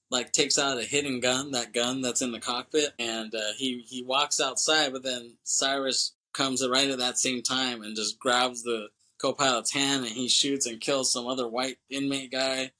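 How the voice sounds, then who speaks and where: A man's voice: mid-range voice, pushed and bright. A man co-hosting a podcast, casually recapping a movie scene by scene, rambling, laughing often and acting out lines. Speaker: podcast co-host.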